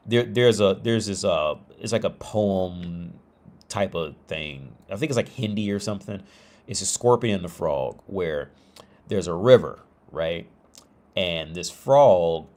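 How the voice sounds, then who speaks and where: Low-voiced male streamer, rambling and lively in a loose monologue. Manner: rambling with many restarts and "like"s. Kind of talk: casual livestream monologue.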